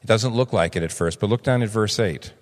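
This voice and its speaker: A man in his sixties preaching a sermon, animated and acting out the voices he quotes. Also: a little fast. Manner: animated, acts out quoted voices with big pitch jumps. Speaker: pastor. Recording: long reverb of a large hall.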